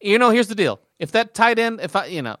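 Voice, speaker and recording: A man's voice: sits high, big pitch swings, fast, pushed and bright, dry recording, studio quality. A man co-hosting a casual sports talk show, teasing and needling his co-host about football.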